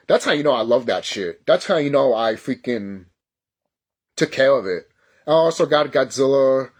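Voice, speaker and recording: Excitable rambling man gushing nostalgically. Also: medium pitch. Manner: excitable, rambling, swears a lot, stumbles over words. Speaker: YouTuber. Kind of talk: casual nostalgic vlog talk.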